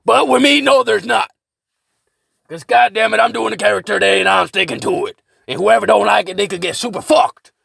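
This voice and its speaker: A man voicing a crazed older male war veteran who rants, curses and shouts from his bunker. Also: sits high, a little fast, creaky, slightly rough, no echo, studio quality, voice pushed up, full character voice. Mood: ranting. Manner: ranting, cursing, shouting.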